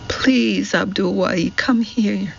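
A man putting on a distraught woman's voice, pitched well up, pleading and tearful, with a gravelly grain. The recording sounds muffled and lo-fi. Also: fairly even intonation, slow pace, a little hiss or hum, heavily acted. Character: distraught older woman pleading for her nephew.

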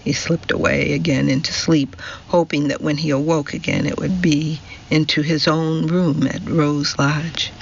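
A man reading an audiobook novel in a measured, deliberate narration. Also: fairly high pitch, level tone, vocal fry, muffled recording, slight background noise. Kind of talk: scripted narration.

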